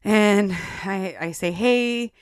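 A woman co-hosting a podcast, telling a personal story in casual chat. She is animated, laughs often and addresses the listeners as guys. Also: mid-range voice, slow, smooth. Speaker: podcast co-host.

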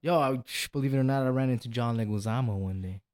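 A young man, a b-boy dancer, talking as a guest in casual podcast chat, telling animated stories full of slang and swearing. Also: mid-range voice, fast talker, clean tone. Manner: animated, profane storytelling with lots of slang.

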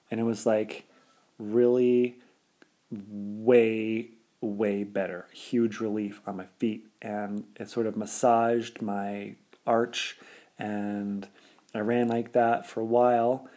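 A man's voice: medium pitch, warm tone. A young adult man telling a personal story in a casual, rambling, laid-back way, full of filler words.

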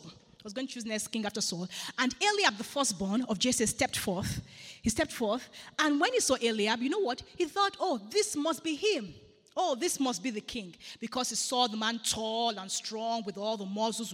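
A woman's voice: a little high, fairly bright tone, big-room sound. A woman preaching a sermon in a church, earnestly repeating phrases for emphasis.

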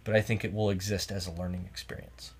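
A man's voice: deep voice, flat delivery, quick pace, slightly rough. Rambling, reflective podcast host man. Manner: rambling, reflective, restarts sentences. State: a few drinks in. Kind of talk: casual late-night chat. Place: cabin in the woods.

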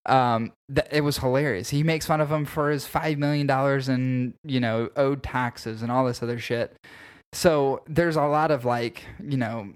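A man co-hosting a casual podcast, talking about fights in an animated, opinionated way and swearing freely. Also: medium pitch, normal speed, smooth. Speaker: podcast co-host.

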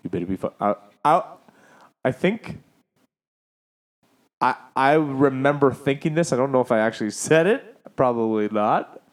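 A man's voice: medium pitch, a little slow, long pauses. A man co-hosting a casual podcast chat, telling a story with lots of laughter, swearing and acted-out voices. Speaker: podcast co-host.

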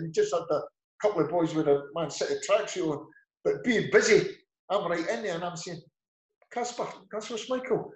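A middle-aged man with an Edinburgh Scottish accent, a football manager telling rambling anecdotes as an interview guest, acting out the dialogue. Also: high-pitched. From Scotland. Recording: echoey room.

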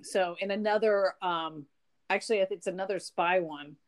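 A woman talking casually about a book with a friend, chipping in extra details and restarting her sentences often. Her voice sits at a middle pitch for a woman. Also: moderate pace. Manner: chatty, interjects and adds details, many fillers. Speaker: podcast co-host discussing a novel. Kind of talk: casual chat.

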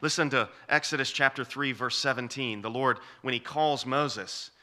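A man's voice: mid-range voice, normal speed, pushed and bright. A man preaching an expository sermon, emphatic and repeating key phrases for weight.

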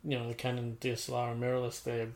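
A man with a middle-pitched voice chats about films and cameras. He is laid-back and loose, filling his talk with "like" and self-corrections. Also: completely flat delivery, quick pace. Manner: laid-back, lots of "like" and restarts. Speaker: indie filmmaker. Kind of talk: casual chat.

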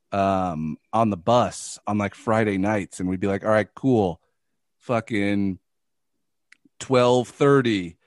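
A man's voice: on the low side, dry recording, clean studio sound. A man hosting a casual chat, rambling and swearing freely. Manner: profane, rambling.

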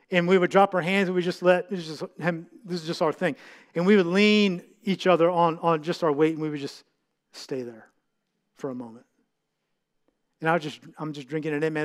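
A middle-aged man, a pastor, preaching a heartfelt sermon that often halts and restarts with fillers. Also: sits high.

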